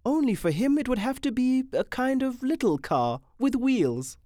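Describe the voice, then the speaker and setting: A reader putting on a gentle wife who shrinks from insects but cannot bear to see one hurt. Her voice rides high and lively, soft with pity, as in a storybook reading. The recording is dry and close. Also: moderate pace, dry recording. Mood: fond, lively.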